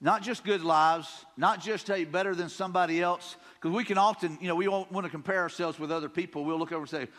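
A man's voice: high-pitched, fairly even intonation, fast talker, hardly any pauses, a bit bright, in a large hall. A man with a Southern US accent preaching a sermon as pastor, talking in a conversational, folksy way and often repeating himself. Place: church sanctuary.

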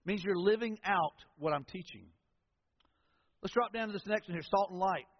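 High-voiced pastor preaching in a hall. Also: male voice, moderate pace. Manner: folksy, conversational preaching with storytelling asides. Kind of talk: sermon. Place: church sanctuary with congregation. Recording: echoey hall, dull lo-fi sound.

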